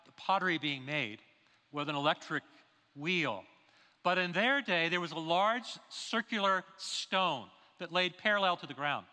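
A male pastor preaches with a high, bright, forceful voice, driving his points home with rhetorical questions. His words ring out through a church sanctuary with a long, lingering reverb. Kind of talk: sermon. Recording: long reverb of a large hall.

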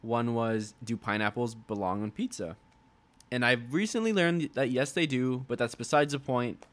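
A man's voice: medium pitch, normal speed, fairly bright tone. A young college-age man co-hosting a podcast, easygoing and joking with rambling asides. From Mexican heritage. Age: young adult. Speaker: podcast co-host. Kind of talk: casual chat.

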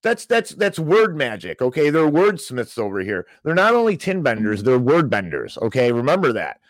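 A man's voice: medium pitch, huge pitch swings, normal speed, no room sound. A man hosting a podcast, ranting about the week's financial news with sarcastic, mocking, theatrical outrage. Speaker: podcast host.

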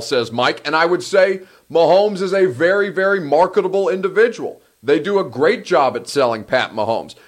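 Chatty sports talk host, man. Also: mid-range voice. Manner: chatty, laughs at his own jokes, reads sponsor plugs. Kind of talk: casual sports talk commentary.

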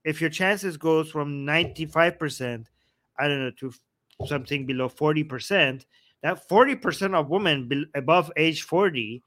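Man hosting a chat, slightly high. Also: normal speed, a bit bright, no echo. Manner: questioning, hedging, emphatic asides. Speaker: host. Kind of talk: casual discussion reading viewer comments.

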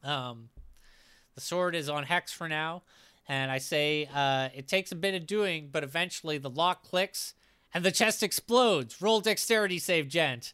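A man's voice: fairly high pitch, pushed and bright, clean tone. A man acting as game master, casually recapping a tabletop game session and reading out the players' lines, with fillers and restarts.

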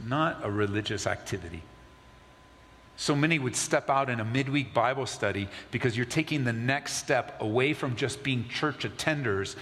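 A male pastor preaching a conversational sermon, dropping low and soft to stress key points. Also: in a large hall.

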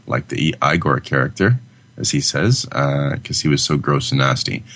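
Podcast co-host, male, very deep register, crude humor, loose casual delivery. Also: normal speed, a bit bright, breathy edge. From Canada. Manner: crude, joking, laughs often. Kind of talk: casual crude chat, reading listener email.

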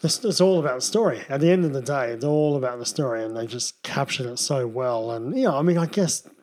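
A man co-hosting a podcast, talking films in a relaxed, rambling way with lots of fillers. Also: medium pitch, fast talker. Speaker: podcast co-host. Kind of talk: casual film chat.

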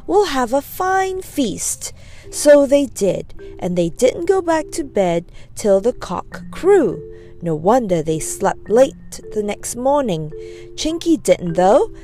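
A woman reading a children's storybook aloud, gentle and expressive. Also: medium pitch, slow pace, soft background music.

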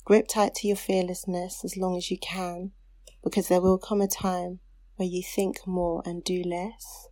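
A woman's voice: fairly low pitch, little pitch movement, a little slow, warm tone, no room sound. Heartfelt woman reading her own letter aloud, dry close recording. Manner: heartfelt, turns tearful and laughing while reading. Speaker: podcast co-host reading a letter to her younger self. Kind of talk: casual chat, reading aloud.

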